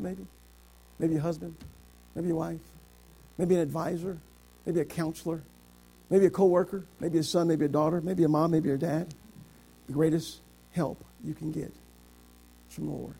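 High-voiced preacher, loud then hushed. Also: male voice, vocal fry. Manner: swings between shouted climaxes and low quiet passages; quotes scripture in King James wording. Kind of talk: sermon.

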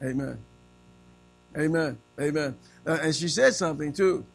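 A man's voice: a little high, moderate pace, vocal fry. A man preaching a sermon, quizzing his congregation in call-and-response style.

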